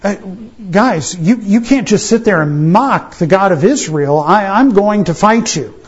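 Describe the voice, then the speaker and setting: A man's voice: high voice, expressive, unhurried, husky, full character voice. A man voicing an earnest young cartoon vegetable boy hero, incredulous and scolding, while retelling a kids' story. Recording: dull lo-fi sermon recording.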